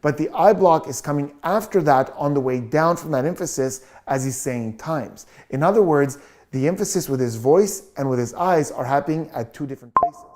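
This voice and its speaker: A body language analyst giving a measured, explanatory video commentary as the regular host. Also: mid-range voice, animated, a little mellow. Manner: explanatory, measured, repeats "just a little bit".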